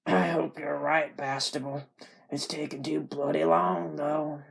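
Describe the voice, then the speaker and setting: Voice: medium pitch, little pitch movement, a little slow, gravelly, husky, exaggerated voice. Storybook bit: a reader playing a dying, worn-out Southern man, weak and slurred, reedy tone. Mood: weary. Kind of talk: hobby storybook reading.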